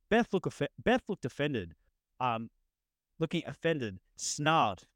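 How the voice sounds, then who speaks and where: A man's voice: fairly high pitch, sing-song, unhurried, fairly bright tone, no room sound, clean studio sound. A man co-hosting a casual podcast, reading a story aloud and often tripping over words and correcting himself. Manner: stumbling reader, frequent self-corrections. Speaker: podcast co-host reading stories.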